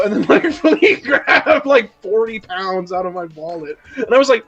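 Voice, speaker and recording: A man's voice: sits high, animated, a little fast, few pauses, fairly bright tone. A man in casual chat, telling a story in a laid-back way, full of likes. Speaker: co-host.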